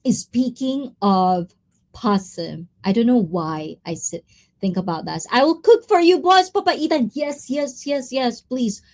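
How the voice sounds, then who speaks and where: Excitable woman streamer, lively pitch. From Philippines. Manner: excitable, giggly, greets viewers by name. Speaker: livestreamer reading chat. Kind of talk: casual live-stream chat.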